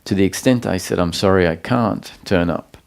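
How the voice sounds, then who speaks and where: A man giving a satsang talk as a spiritual teacher, explaining calmly with pauses and restarts. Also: deep voice, creaky.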